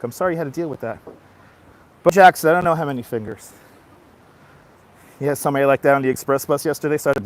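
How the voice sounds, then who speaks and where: Man walking and chatting to viewers. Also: on the high side. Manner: chatty storytelling, greets viewers by name. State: tired after a nap. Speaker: vlogger. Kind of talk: casual livestream chat. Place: outdoors on a boardwalk.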